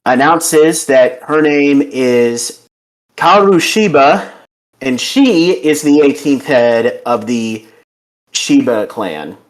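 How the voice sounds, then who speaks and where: A man talking through a casual podcast review at an ordinary pitch. He rambles eagerly, full of fillers and restarts, never quite stopping. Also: expressive, takes it slowly. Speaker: podcast host.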